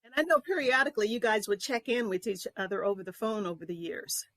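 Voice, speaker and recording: A woman's voice: medium pitch, fast talker, a bit bright, no room sound. A woman hosting an interview talk show, chatting casually and asking about her guest's life.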